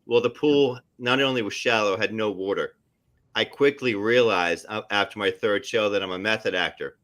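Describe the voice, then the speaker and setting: A middle-aged man, an actor, telling stories casually on a live stream in an animated way. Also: on the low side, moderate pace. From New Jersey area. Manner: animated, tells stories with voices and asides. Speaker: actor guest.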